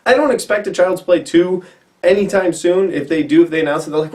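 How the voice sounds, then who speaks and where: Male vlogger, raised pitch, animated casual film review, mic slightly off. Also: recorded from a distance. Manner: animated, quick asides and acted-out quotes. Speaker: movie reviewer. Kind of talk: casual movie review to camera. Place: indoors before a white backdrop.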